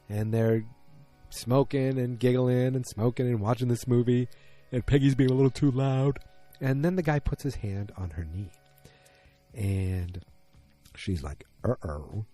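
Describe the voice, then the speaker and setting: A man's voice: mid-range voice, normal speed, dark tone, soft background music. A man from Massachusetts giving a rambling, casual recap of a TV episode, acting out characters' lines in little voices.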